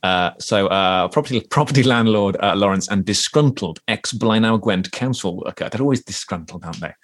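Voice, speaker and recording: Welsh male co-host, lower voice, chatty, jokey, rambling with restarts. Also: a little fast. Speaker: podcast co-host. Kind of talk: casual chat.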